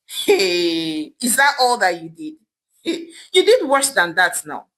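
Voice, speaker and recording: A bitter, wealthy young woman, scolding her parents in a scornful, angry voice, as a woman narrator voices her. Her pitch rises and falls widely as she taunts them in this told folktale. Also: very animated, takes it slowly, fairly bright tone.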